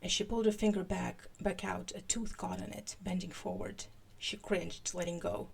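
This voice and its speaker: A woman hosts a podcast and reads fan fiction live in a creaky, medium-pitched voice. Her reading is animated, but she turns halting whenever she breaks into asides.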